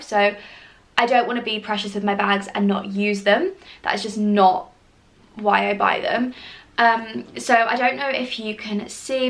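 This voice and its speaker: A woman's voice: mid-range voice, fairly bright tone. A woman in her twenties chatting casually to camera as a lifestyle vlogger, gushing and full of "like" and "um". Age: 20s.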